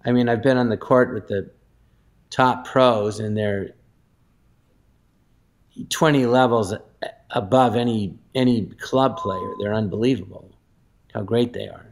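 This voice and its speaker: A man appearing as a guest in an improvised comedic interview. He stumbles and restarts his sentences and sometimes flares into shouting. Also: lowish voice, unhurried, creaky, pauses often.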